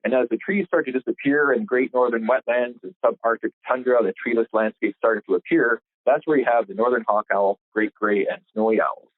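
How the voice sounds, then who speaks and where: A man, a biologist, explaining things in a measured way with frequent pauses on a conference call. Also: medium pitch, fairly even intonation, dry recording. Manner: measured, hesitant fillers. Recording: tinny phone line, dry.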